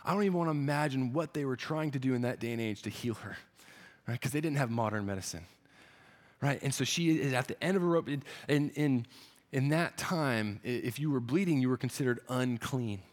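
A man's voice: mid-range voice, brisk. A man preaching a sermon, retelling a story with earnest feeling and frequent restarts. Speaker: pastor.

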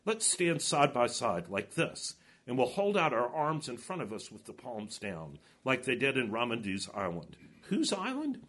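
A man's voice: medium pitch, huge pitch swings, moderate pace, fairly bright tone. A man reading aloud a curious, eager schoolboy from a storybook.

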